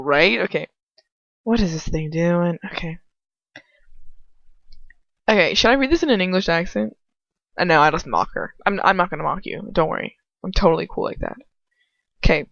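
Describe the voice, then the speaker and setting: A woman reads fan fiction aloud in a low, dry voice, close to the mic. She drifts into goofy, playful asides between passages. The recording is dull and lo-fi. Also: sing-song, fairly quick, gravelly, pauses often, no room sound. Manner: goofy, playful, giggly interjections. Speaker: audiobook reader of fan fiction. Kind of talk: casual reading with silly asides.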